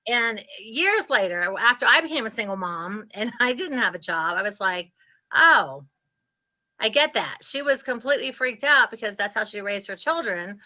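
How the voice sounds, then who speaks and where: A woman, telling her story as an interview guest with lively, laughing animation. Her voice sits fairly high and sounds bright and forceful. The audio is a bit muffled and lo-fi. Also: normal speed, few pauses. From Ohio, US Midwest. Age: 60s. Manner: animated, laughs often, acts out her past self.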